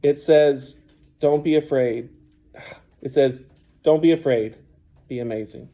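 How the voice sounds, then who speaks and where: A man's voice: medium pitch, unhurried, warm tone, close to an everyday voice. A man voicing an earnest young boy in an audiobook, speaking plainly in his own voice. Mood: hushed. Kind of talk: audiobook character voice.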